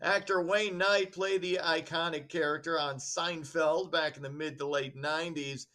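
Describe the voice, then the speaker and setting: A man reading news items and rambling into halting opinions on a casual show. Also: a little high, fairly even intonation, sharp tone. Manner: rambling, halting, self-correcting. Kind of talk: news with commentary.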